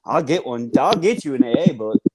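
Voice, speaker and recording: A man's voice: medium pitch, big pitch swings, fairly quick, darkish tone, husky. A man with a Southern US accent telling his recovery story casually, rambling with lots of fillers like "man". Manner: rambling, filler-heavy, says "man" and "y'all". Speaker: guest sharing recovery story.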